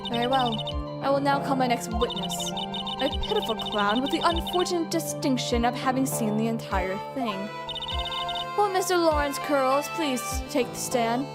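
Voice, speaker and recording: Casting: woman playing a haughty prosecutor, clipped and scornful, loud game music under her. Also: sits high, lively intonation, normal speed. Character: haughty young female prosecutor, stern.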